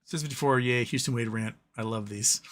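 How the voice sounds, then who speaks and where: A man's voice: mid-range voice, normal speed, fairly bright tone, a little hiss or hum. A man hosting a livestream who reads chat comments aloud, rambling and profane in his opinions. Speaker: livestream host. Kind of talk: live-stream chat reading and ranting.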